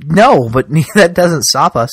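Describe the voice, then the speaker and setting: Deadpan grumbling podcast co-host man. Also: on the high side, slow, husky, dry recording. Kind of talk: casual chat.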